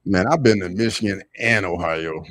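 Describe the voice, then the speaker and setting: A young man with a Southern accent, hosting a casual livestream and reading chat, loose and slangy, jumping to loud excited bursts. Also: sits low, moderate pace, dry recording.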